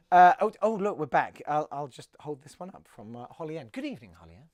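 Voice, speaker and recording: Give me a high-pitched man rambling through a live comedy show with self-mocking asides. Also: very animated, fast, hardly any pauses, a little mellow. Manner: rambling, self-mocking, mock-grand outbursts. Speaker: comedy web show host.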